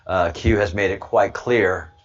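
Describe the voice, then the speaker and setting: A man's voice: sits low, fairly even intonation, unhurried, dull audio. A man hosting a casual livestream, rambling to his chat and stammering over repeated words with frequent chuckles. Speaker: livestream host reading chat.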